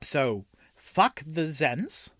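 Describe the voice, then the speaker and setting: A man's voice: fairly high pitch, big pitch swings, extremely slow, a bit bright, no echo, clean studio sound, voice pushed up, heavily acted. A man voicing an earnest young male adventurer in a tabletop game, who asks stumbling, hesitant questions. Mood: unsure.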